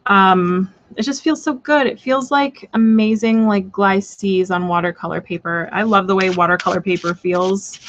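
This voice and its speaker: A woman's voice: mid-range voice, steady tone, moderate pace, few pauses, a bit bright, muffled recording, slight background noise. A woman hosting a live tarot reading stream, talking in a chatty, rambling way with lots of fillers, blunt and playful. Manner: blunt and playful, swears casually.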